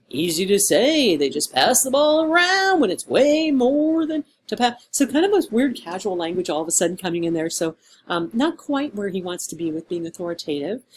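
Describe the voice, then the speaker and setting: Low-voiced woman giving essay feedback. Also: darkish tone, slight background noise. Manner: conversational, lightly sarcastic, thinks aloud with fillers. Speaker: writing instructor. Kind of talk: screen-recorded essay feedback walkthrough.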